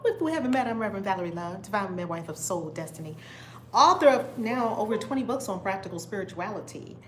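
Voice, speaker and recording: A middle-aged woman hosts a spiritual livestream, bubbling over as she greets viewers again and again. Her voice sits a little high, and the room around her rings with echo. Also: slight background noise. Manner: exuberant, greets viewers with repeated catchphrases. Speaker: spiritual teacher hosting a livestream.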